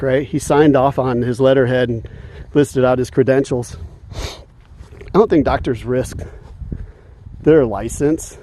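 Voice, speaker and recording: A man's voice: medium pitch, mellow, a little hiss or hum. A man vlogging while walking outdoors in the evening, talking in a heated, indignant way and chuckling often between points. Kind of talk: casual rant while walking.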